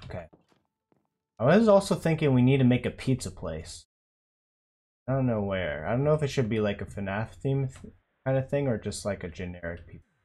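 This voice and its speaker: A man's voice: mid-range voice, very animated, a little fast, long pauses, mellow. A man streaming live, chatting casually in a laid-back, rambling way with frequent chuckles. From North Carolina.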